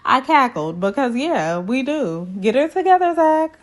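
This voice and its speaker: A woman hosting a casual reality TV recap, sassy and chatty, talking straight to her viewers and retelling scenes in quick back-and-forth. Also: high-pitched, big pitch swings.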